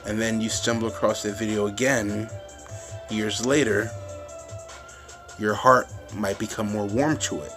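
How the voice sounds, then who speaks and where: A man's voice: lowish voice, fairly even intonation, a little slow, long pauses, music in the background. A man ranting casually to his phone camera, rambling with frequent restarts and swearing, getting fired up at times. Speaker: vlogger.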